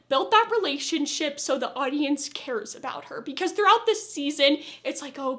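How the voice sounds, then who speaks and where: A woman giving a casual, opinionated show review in a chatty way, getting loud and exasperated when she rants. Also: high-pitched.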